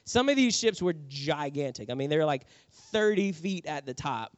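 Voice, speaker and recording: A middle-aged male preacher tells a personal story in his sermon, acting out the voices in the tale. His voice sits a little high for a man. The sound is dry and somewhat muffled. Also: normal speed, no room sound. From New Orleans, USA. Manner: animated storyteller, acts out quotes. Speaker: pastor.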